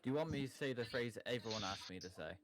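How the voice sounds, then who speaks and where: A relaxed man with a British accent chats and jokes with his squad mid-match. His voice sits at an ordinary pitch, neither high nor low. Game sounds and noise run underneath. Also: fast talker. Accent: British English. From England. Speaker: teammate. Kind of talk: casual gaming chat.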